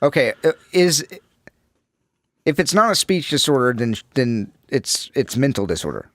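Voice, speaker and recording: A man's voice: mid-range voice, sing-song, fairly bright tone, no echo. A man co-hosting a podcast, cracking jokes and cutting in often. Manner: jokey, interjecting, quick to laugh. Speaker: podcast co-host. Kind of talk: casual chat.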